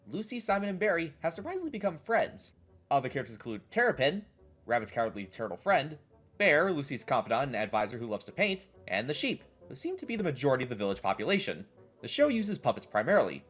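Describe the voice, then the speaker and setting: A man narrating a scripted retrospective about children's television in a wry, playful way. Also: mid-range voice. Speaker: host of a retrospective show.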